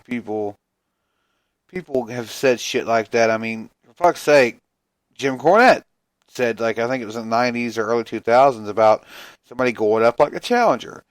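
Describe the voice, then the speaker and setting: A man's voice: medium pitch, no room sound. A man hosting a casual solo podcast, ranting in a rambling, profane, frustrated way and sounding tired and yawning. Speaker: podcast host.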